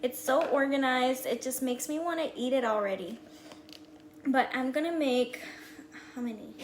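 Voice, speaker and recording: A woman hosting a casual meal prep livestream from a home kitchen, chatting to her viewers and counting items aloud. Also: high voice. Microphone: earpiece mic. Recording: echoey room with loud background noise.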